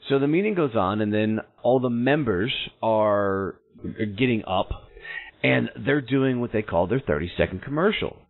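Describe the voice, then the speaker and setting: A man's voice: mid-range voice, animated, moderate pace, vocal fry, faint music behind. A man hosting a podcast, telling a personal story in a blunt, salty, self-mocking way. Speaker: podcast host. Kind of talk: storytelling monologue. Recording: narrow phone-like sound.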